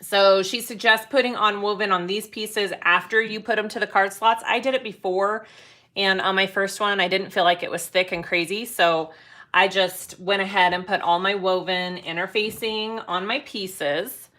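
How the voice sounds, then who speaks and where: A woman's voice: mid-range voice, steady tone, moderate pace, pushed and bright. A woman hosting a live sewing demonstration, chatty as she explains each step and greets viewers. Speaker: sewing tutorial host.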